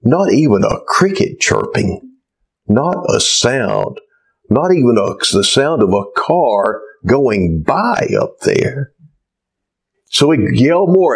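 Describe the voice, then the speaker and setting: Male pastor, sermon delivery, slow and measured, very animated pitch. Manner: unhurried storytelling with lively pitch.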